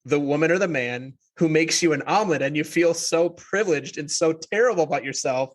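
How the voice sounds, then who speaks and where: A man's voice: fairly high pitch, fairly quick. A man hosting a podcast interview, asking rambling questions in a chatty, laughing way. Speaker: podcast host. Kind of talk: casual interview chat.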